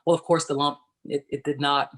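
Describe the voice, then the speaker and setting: A woman's voice: low-pitched, little pitch movement, fairly quick. A woman in her forties, a former pro athlete, telling her personal story on a virtual panel over a video call, conversational and explaining as she goes. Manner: conversational, explains and checks in with "right?". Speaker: panelist, former professional basketball player.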